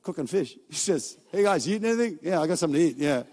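Male pastor, fairly high voice, casual joking sermon delivery, recorded with long church-hall reverb. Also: lively intonation, a little mellow. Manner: casual, joking storytelling with quick asides.

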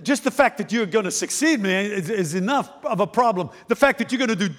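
Preacher doing a gloomy old prophet, complaining, somewhat lowered voice, long reverb. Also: male voice, lively intonation, a little fast, fairly bright tone. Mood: indignant. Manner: complaining, self-pitying. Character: despairing, indignant old male prophet.

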